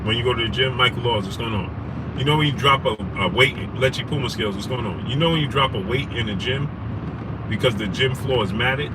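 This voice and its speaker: A young man, hosting a casual livestream, telling a story animatedly and shouting out viewers. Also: medium pitch, a little fast. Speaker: livestream host. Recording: noisy street background.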